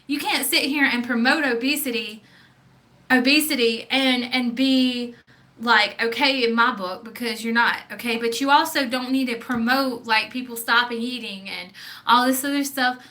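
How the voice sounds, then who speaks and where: A woman's voice: fairly high pitch, steady tone, moderate pace, pushed and bright. A young woman with a Southern accent, talking bluntly and with plenty of profanity in a casual vlog, often asking "okay?". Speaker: vlogger.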